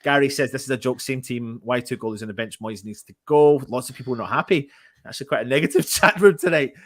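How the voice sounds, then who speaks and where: A man's voice: medium pitch, fast talker, no echo, studio quality. Chatty man reading out live chat. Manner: reads out chat messages, laughs often. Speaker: fan channel host. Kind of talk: casual live stream chat.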